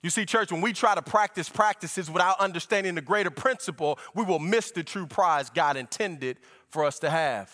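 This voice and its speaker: A man's voice: sits high, moderate pace, few pauses, bright, forceful tone. A pastor preaching a sermon to his church, speaking folksy and direct to the congregation, at times lifting into sung tones.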